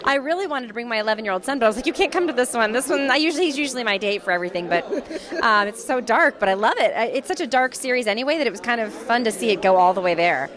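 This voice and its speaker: A woman's voice: fairly high pitch, animated, rapid-fire, a crowd in the background. A woman voice actress chatting as a guest in a casual interview, bubbly and chatty with frequent laughter.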